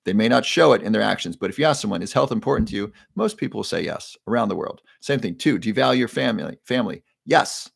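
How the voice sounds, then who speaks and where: A man's voice: on the low side, animated, fast talker, creaky, few pauses, no echo, studio quality. A man hosting a live online show, leading viewers through a breathing exercise in an upbeat, chatty way that keeps prompting the audience.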